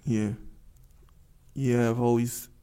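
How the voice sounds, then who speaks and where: A man's voice: mid-range voice, flat delivery, slow, mellow, clear, resonant tone. A man co-hosting a podcast, chatting casually and rambling with lots of fillers and laughs. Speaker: podcast co-host. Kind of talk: casual chat.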